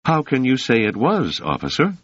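A man's voice: medium pitch, wildly swooping pitch, normal speed, no echo, pitched above the performer's own voice. A man voicing a cool, confident young woman who speaks dryly and firmly, in a slightly muffled recording.

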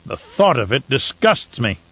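A man reading an audiobook, voicing a furious, vain, blustering Baron who shouts his orders. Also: medium pitch, sing-song, a little slow, husky, no room sound, lo-fi sound, heavily acted. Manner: loud, blustering, spiteful. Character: raging, vain, cruel male Baron.

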